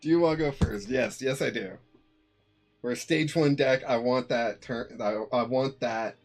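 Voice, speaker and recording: A man's voice: medium pitch, normal speed, faint music behind. A man casually commentating his own online card game, muttering to himself and chuckling often. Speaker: streamer playing a card game.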